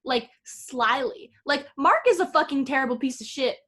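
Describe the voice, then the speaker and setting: A woman co-hosting a podcast, recapping a film in a rambling, excitable way, full of "like" and swearing. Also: high-pitched, fast. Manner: rambling, filler-heavy, lots of "like"; profane, excitable retelling. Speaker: podcast co-host. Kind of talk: casual film recap chat.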